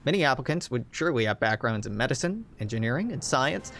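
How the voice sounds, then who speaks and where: A man's voice: mid-range voice, sing-song, quick pace, a bit bright, soft background music. A young man reading game event text aloud, breaking off into wry, joking asides. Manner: wry, joking asides between read-out passages. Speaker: game streamer.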